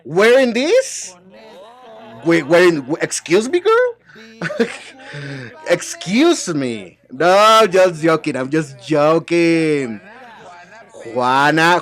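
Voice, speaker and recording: A man voicing an English dub of reality-show banter alone, sassy and bickering as he switches between several speakers. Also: on the high side. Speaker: translator dubbing a reality show.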